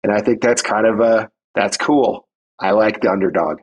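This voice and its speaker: A man's voice: lowish voice, moderate pace, husky, dull audio. A man co-hosting a podcast, talking through a film in an emphatic, casual way with many "like" fillers. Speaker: podcast co-host.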